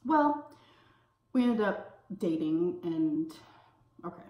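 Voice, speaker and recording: A woman's voice: on the low side, sing-song, lo-fi sound. Chatty woman vlogger in a roomy space. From California. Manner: chatty, lots of "like" fillers, pauses to savor food. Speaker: food vlogger. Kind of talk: casual storytime while eating. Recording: roomy echo.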